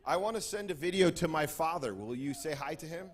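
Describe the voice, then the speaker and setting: Playful man shouting greetings on stage. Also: on the high side, lively intonation, brisk, some chatter behind. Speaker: convention speaker on stage. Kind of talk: lively stage address to a crowd. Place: large convention hall with a crowd.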